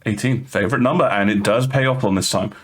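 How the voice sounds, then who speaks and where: A man's voice: on the low side, fast. A man running a tabletop game as game master, often stammering and repeating words as he narrates and calls for rolls.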